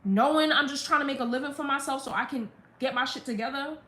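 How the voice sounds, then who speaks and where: Venting on a live stream, a young woman tells a blunt, profanity-laced storytime about her family. She talks fast in a high, sharp voice, with roomy echo in the audio.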